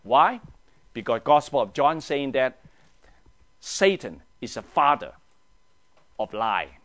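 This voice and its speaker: Animated pastor, questioning his class. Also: mid-range voice, slow pace, pauses often. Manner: animated, asks the group questions, drops to a hushed tone for emphasis. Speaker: pastor leading a Bible study. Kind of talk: teaching sermon.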